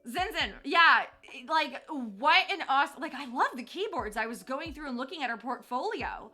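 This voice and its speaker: A woman's voice: high voice, expressive, normal speed, sharp tone, soft background music. A young woman chatting to her viewers on a live stream, bubbly and gushing, laughing often.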